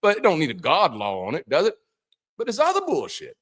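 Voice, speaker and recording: Speaking briskly with a voice on the high side, this middle-aged former pastor runs an irreverent show about the Bible. His profane, lively delivery lurches from fake sermon gravity to disbelieving outbursts.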